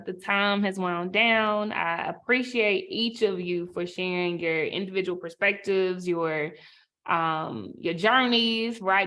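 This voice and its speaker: A woman moderating an online panel, calm and measured, with soft affirmations between speakers. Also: medium pitch.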